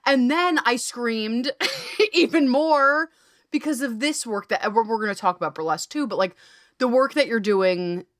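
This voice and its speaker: A woman hosting a podcast, gushing excitedly and swearing freely, talking in rapid bursts that keep interrupting themselves. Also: a little high, no room sound, clean studio sound. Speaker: podcast host.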